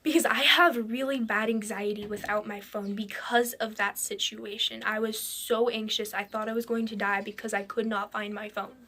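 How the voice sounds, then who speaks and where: A woman telling a personal story in a halting way, with restarts and frequent drops into a whisper. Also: mid-range voice, steady tone, sharp tone.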